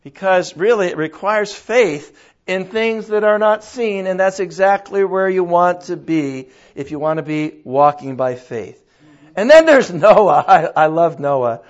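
An older man preaches in a loose, folksy way, asking his listeners question after question. His voice sits high. The recording is dull and lo-fi. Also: lively intonation, unhurried. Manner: conversational, folksy, with rhetorical questions. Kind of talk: sermon.

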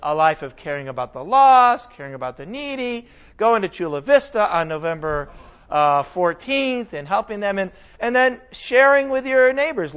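A man teaching a Bible lesson in a casual, animated sermon style, often asking his listeners questions. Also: high voice, moderate pace, clean tone, lo-fi sound. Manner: animated, conversational, asks the audience questions.

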